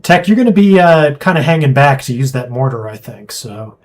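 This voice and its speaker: A man streaming a strategy game, chatting casually and thinking aloud with quick asides. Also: medium pitch, sing-song, soft background music. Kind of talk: casual gameplay chat.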